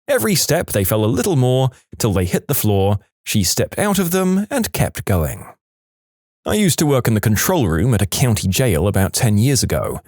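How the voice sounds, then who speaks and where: A man's voice: medium pitch, very animated, normal speed, darkish tone, no room sound. A man narrating a series of short workplace stories in a scripted voice-over, adding his own dry asides between them.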